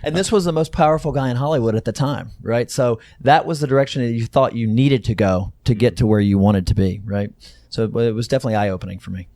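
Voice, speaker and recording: A man's voice: medium pitch, fast, few pauses, warm tone, no room sound. A middle-aged man from Texas, a company co-founder, telling stories in a casual interview with many fillers and restarts.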